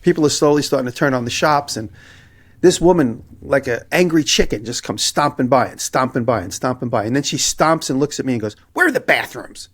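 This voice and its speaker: A man on a podcast telling a story in casual chat, animated and acting out the people in it. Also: medium pitch, a little fast. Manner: animated anecdote telling, acting out both sides of quoted exchanges. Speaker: podcast co-host.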